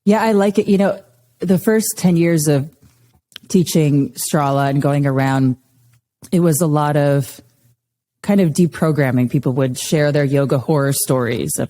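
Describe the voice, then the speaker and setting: Woman yoga teacher guesting on a podcast; warm, dark tone, laughs easily through her stories. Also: sits low, normal speed, big-room sound. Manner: storytelling, laughs often. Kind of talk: casual interview chat.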